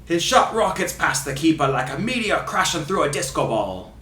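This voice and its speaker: A man's voice: on the high side, very animated, normal speed, bright, forceful tone, slight background noise. A man doing a fake Scottish accent as a flowery, over-the-top soccer commentator, with theatrical delivery. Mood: gushing. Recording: echoey room, mic at a distance.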